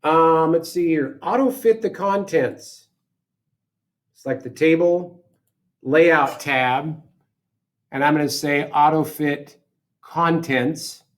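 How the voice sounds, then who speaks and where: A man teaching a software lesson, talking through each step aloud in a casual way and correcting himself as he goes. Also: a little high, slow pace, pauses often. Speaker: instructor. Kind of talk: screen-recorded software tutorial.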